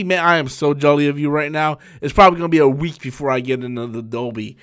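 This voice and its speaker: A man in his thirties hosting a live stream, tired after a long work shift, talking excitably and rambling with frequent restarts while he answers viewer messages. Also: a little high, brisk, clear, resonant tone. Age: 30s. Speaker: YouTube channel host.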